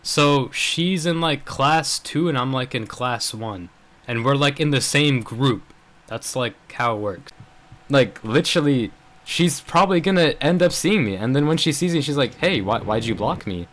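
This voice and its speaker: At a moderate pace, a young man with a medium-pitched, slightly bright voice tells a story in a casual vlog. It's rambling and loaded with fillers, especially "bro" and "like," as he vents his frustration.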